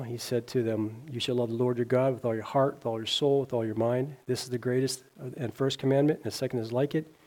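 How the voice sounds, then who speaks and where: Earnest male preacher with a mellow voice. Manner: earnest, rising on scripture and dropping low at line ends; reads scripture aloud, with small slips and restarts. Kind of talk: sermon.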